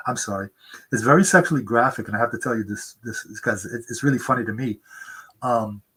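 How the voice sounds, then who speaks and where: Brief: male author, 70s, husky, earnest storyteller, mid pitch, mimics others high. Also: fairly quick, sharp tone, rough recording. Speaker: author guest. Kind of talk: conversational interview. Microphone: remote interview mic.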